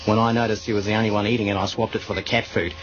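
A man's voice: lowish voice, little pitch movement, rapid-fire, noisy background, lightly acted. A man with a New Zealand accent playing a crude, stingy old dad in a radio comedy sketch, blunt and grumbling. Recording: dull archival radio clip with music.

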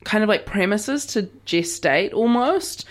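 A woman's voice: medium pitch, lively intonation, a little slow. A woman co-hosting a podcast in casual chat, rambling with lots of fillers.

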